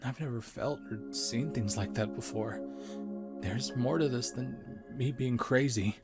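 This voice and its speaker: A man's voice: mid-range voice, a little slow, over music, voice pushed up, close to an everyday voice. A man voicing an anxious, psychic young male coyote who talks in shaky, breathless pleas. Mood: earnest.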